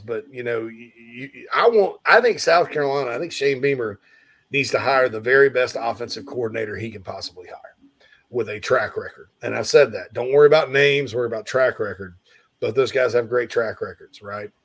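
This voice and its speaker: Man hosting a sports talk show. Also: mid-range voice. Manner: conversational, reads listener questions aloud.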